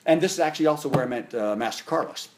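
With a noisy background behind him, a middle-aged martial arts instructor races through long stories as a guest in a relaxed interview. His ordinary mid-range voice rambles with many restarts and fillers, rising in pitch and volume whenever he gets excited.

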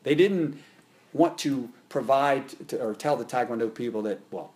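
A middle-aged man with an everyday mid-range voice tells long stories in a relaxed interview. He rambles and restarts often, and his pitch and volume climb when something excites him. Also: moderate pace. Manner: rambling, with frequent restarts and fillers; voice jumps up in pitch and volume when he gets animated. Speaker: martial arts instructor and interview guest. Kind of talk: casual storytelling in an interview.

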